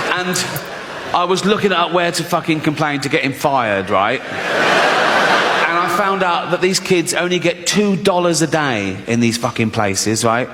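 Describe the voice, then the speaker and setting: A man performs stand-up in a large echoey hall, his voice a little higher than most men's. He tells crude stories in a mock-indignant tone, and a steady hiss of noise sits under the sound. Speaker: stand-up comedian. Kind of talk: stand-up set. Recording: echoey hall with loud audience.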